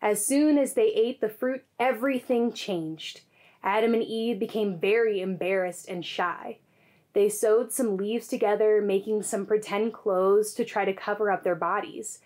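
A woman's voice: mid-range voice, steady tone, a little slow, a little mellow. A woman leading a children's message in an online church service, telling a Bible story.

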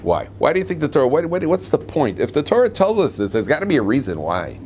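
Joking rabbi teaching a class. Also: male voice, fairly high pitch, wildly swooping pitch, fast, a little mellow, a little hiss or hum. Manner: joking, asks the class questions. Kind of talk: humorous classroom lecture. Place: classroom with students.

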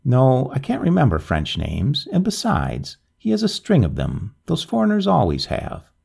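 A man's voice: mid-range voice, huge pitch swings, normal speed, gravelly, a little mellow, husky, pitched above the performer's own voice, full character voice. A man voicing a blunt, touchy woman nurse in a storybook reading, in a curt, prickly manner.

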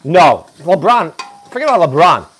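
A man's voice: fairly high pitch, moderate pace, husky. A man hosting a live cooking stream from a kitchen, chatty and full of jokes. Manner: animated, jokey, chatty. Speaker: cooking show host.

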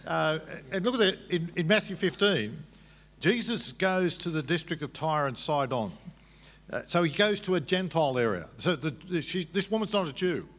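A man answers a question at a public debate, walking through scripture patiently and often restarting his sentences. His voice sits a bit high. The sound has the long reverb of a large hall. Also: animated, normal speed, a bit bright.

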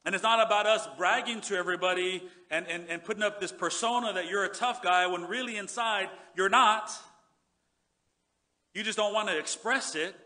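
A male pastor preaching a sermon in earnest, repeating words and dropping low and soft when he reads scripture. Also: normal speed. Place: church sanctuary.

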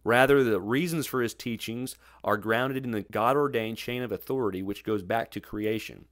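A man narrating a scripted Bible study in a measured, methodical way. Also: fairly low pitch, dry recording, clean studio sound.

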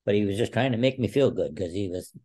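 A man in his sixties, a podcast guest, telling animated stories and acting out quotes. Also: on the low side, quick pace. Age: 60s. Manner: animated storyteller who acts out quotes. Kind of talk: casual interview storytelling.

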